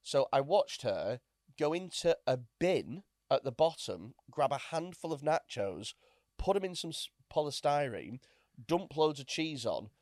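A man's voice: a little high, very animated, a little slow, a little mellow, no room sound, clean studio sound. A man, a podcast co-host, telling a comic story in casual chat with restarts and frequent swearing. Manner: rambling, restarts, swears freely. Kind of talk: comedic anecdote in casual chat.

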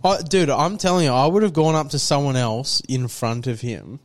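A man's voice: medium pitch, normal speed. An Australian man co-hosting a podcast, chatting casually with short replies and blunt swearing. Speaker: podcast co-host. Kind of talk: casual chat.

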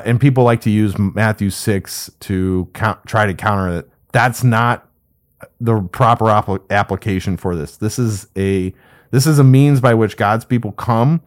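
A man with a smooth, lowish voice leads an informal Bible study. He talks in a loose, conversational way, going through the text verse by verse.

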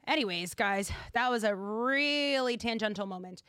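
A young woman hosts a podcast in a chatty, giggly way, peppering every thought with "like". Her voice sits a bit high, and the sound is dry and close with little room. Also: brisk, few pauses, a bit bright, clear, resonant tone, dry recording. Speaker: podcast host. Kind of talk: casual chat.

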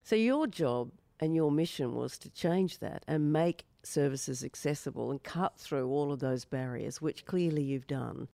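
An interview host asking questions in a measured, articulate way. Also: mid-range voice, gravelly, mellow, no room sound.

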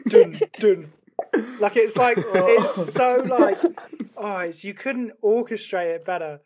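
A woman guest on a podcast, reacting with excited exclamations in casual chat. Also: mid-range voice, measured pace. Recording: loud crowd noise behind.

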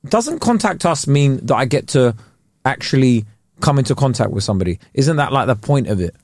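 British male podcast co-host, lively swinging pitch, close dry mic, slips into impressions. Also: a little fast, no room sound. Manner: animated, puts on voices to mimic people. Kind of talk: casual podcast chat.

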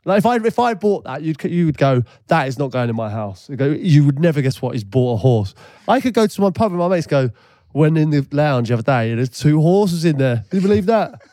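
A man's voice: a little high, sing-song, fairly quick, dark tone, no room sound, studio quality. A man co-hosting a podcast, rambling and defending himself in a jokey way. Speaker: podcast co-host. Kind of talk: casual chat.

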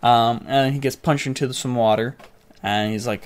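A man's voice: medium pitch, fairly even intonation. Rambling casual male podcast host. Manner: rambling movie recap with quick voice impressions.

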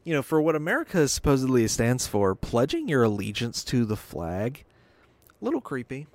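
A podcast host rants about politics in a mid-range, sing-song voice at moderate pace, recorded dry on a webcam and desk mic. He's sarcastic and rambling, swearing often and using plenty of filler words.

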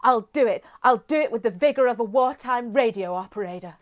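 A grand, theatrical middle-aged lady with a mock-grand delivery, as a woman quotes her in chat. The voice sits a little high. The tone stays close to everyday talk. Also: brisk, lightly acted.

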